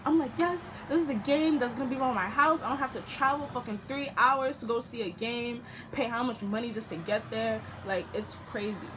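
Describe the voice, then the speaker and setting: A young woman telling a storytime vlog, animated and profane, acting out the people she quotes. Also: on the high side, fairly quick, hardly any pauses, background noise. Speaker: storytime vlogger.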